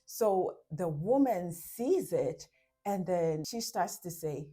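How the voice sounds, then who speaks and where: A woman's voice: lowish voice, lively intonation, slow pace, warm tone, breathy edge, soft background music. A woman giving relationship advice to camera in a casual talk. She explains with everyday examples, acts out little quotes, and often checks in with "right?".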